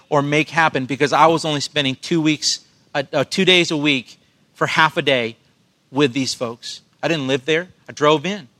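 Male pastor, slightly raised pitch, earnest preaching delivery with questions to the congregation. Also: fairly bright tone. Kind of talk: sermon.

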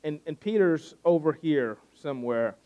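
A man preaching in a loose, conversational way, his voice sitting a little higher than most men's. He retells a scripture story and keeps doubling back on his words as he talks. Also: animated, normal speed, dark tone, dull audio. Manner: conversational, repeats words when restarting. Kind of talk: sermon storytelling.

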